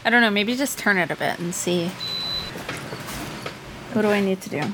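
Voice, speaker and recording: A woman's voice: medium pitch, normal speed, noisy background. A woman co-hosting a casual podcast at home, teasing her co-host dryly and swearing now and then. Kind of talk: casual banter. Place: living room at home.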